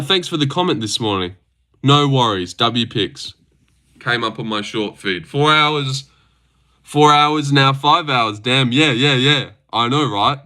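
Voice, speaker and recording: A man's voice: medium pitch, pushed and bright. A young man hosting a livestream who chats loosely and crudely, swearing, answering chat and stumbling over his words. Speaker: livestream host reacting to fights.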